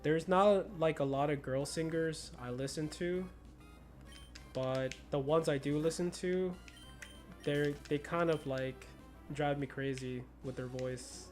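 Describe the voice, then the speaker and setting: A man's voice: fairly high pitch, fairly even intonation, slow pace, a little mellow. Young American male streamer, slight Spanish-influenced accent, easygoing slang-heavy chatter, faint background music. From United States. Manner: laid-back, slangy, laughs often. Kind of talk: casual chat while gaming.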